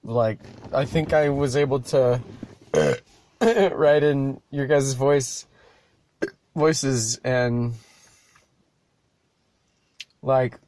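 Dude talking to himself on his podcast, slow, swears, trails off a lot, dead dry room. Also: mid-range voice, a little mellow, dry recording. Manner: loose, profane, stop-start rambling. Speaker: podcast host. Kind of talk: rambling solo podcast chat.

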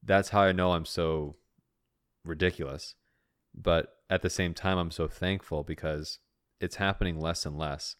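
Deep-voiced laughing podcast co-host. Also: male voice, fairly even intonation, unhurried, smooth, dry recording, clean studio sound. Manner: laughs often, acts out his own inner voice. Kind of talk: casual chat.

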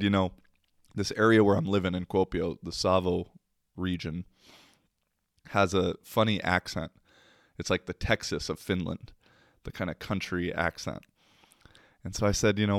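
A man's voice: sits low, dry recording, clean studio sound. A man talking casually to the camera, telling a rambling story, laughing often and swearing offhandedly.

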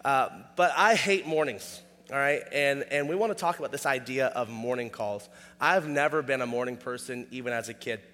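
A man's voice: medium pitch, moderate pace, pushed and bright, in a large hall. A man preaching a sermon in a casual, conversational way, often asking "all right?". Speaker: pastor.

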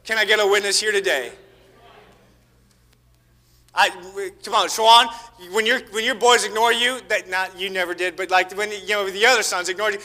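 A male preacher with a very high, piercing bright voice delivers a fervent sermon. He swings between loud exhortation and hushed asides. His voice rings out with a long reverberant tail in a church hall. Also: steady tone, normal speed.

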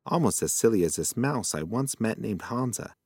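A man's voice: on the low side, lively intonation, moderate pace, a little mellow, slightly rough, dry recording. A man putting on a forgetful rambling old possum. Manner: rambling, folksy, muddled.

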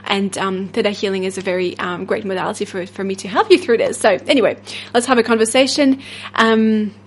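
A woman's voice: mid-range voice, steady tone, a little fast. A woman with a French accent hosting a solo podcast as a self-love coach, rambling and upbeat with frequent fillers and laughs.

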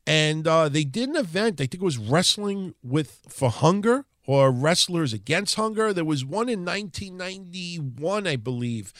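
A man's voice: mid-range voice, no room sound, clean studio sound. A man with a New York accent, hosting a podcast and casually recounting wrestling history in a rambling, profane way. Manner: conversational, profane, rambling with restarts. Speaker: podcast host.

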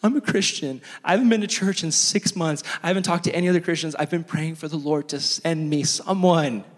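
Man doing a tearful young woman, higher voice, echoey hall. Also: close to an everyday voice. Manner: tearful, rushed pleading. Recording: long hall reverb.

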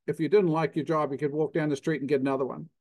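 An older man with a New Zealand accent speaks as an interview guest, explaining technical details in a plainspoken, self-deprecating manner. His voice sits a touch higher than most men's. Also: fairly even intonation, fast talker, darkish tone. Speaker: guest, cheese consultant.

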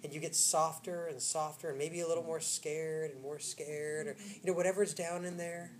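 A woman pastor preaching in a church, chatty and laughing, swinging from loud storytelling to hushed intimate moments. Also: deep voice, steady tone, normal speed, slight background noise. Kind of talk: sermon. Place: church sanctuary.

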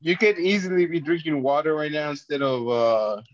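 A man's voice: on the high side, normal speed. A young man, the podcast's guest, talking in a laid-back way and often repeating himself in casual chat. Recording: dull lo-fi sound with crowd noise.

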